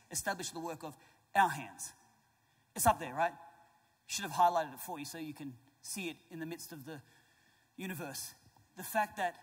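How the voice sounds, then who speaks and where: A male pastor with a high, slightly husky voice delivers an emphatic sermon, pressing his points and joking with the congregation. His voice rings through a large church hall with a long echo. Soft music plays underneath. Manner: emphatic, rising to loud declarations. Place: church auditorium.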